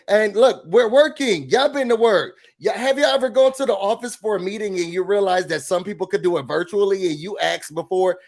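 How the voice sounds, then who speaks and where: Male recap host, high-pitched, sassy and animated, casual live-chat delivery. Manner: animated, sassy, emphatic opinions. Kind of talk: casual livestream reality-TV recap.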